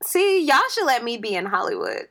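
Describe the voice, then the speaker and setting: Podcast co-host: young woman, bright voice, playful and jokey, casual slang. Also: on the high side, wildly swooping pitch, brisk, creaky. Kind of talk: casual chat.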